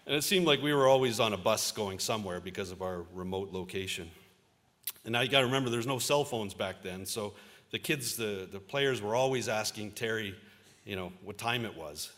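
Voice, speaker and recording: A man's voice: on the low side, fairly quick, a bit bright, long reverb tail. A man in his fifties, a journalist giving a convocation speech and telling anecdotes with a few fillers. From Ontario, Canada. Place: large auditorium.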